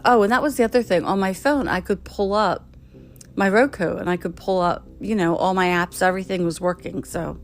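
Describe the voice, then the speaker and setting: A middle-aged woman, telling a story in casual podcast style, animated and exasperated as she acts out the dialogue. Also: mid-range voice, vocal fry, a little hiss or hum. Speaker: podcast host.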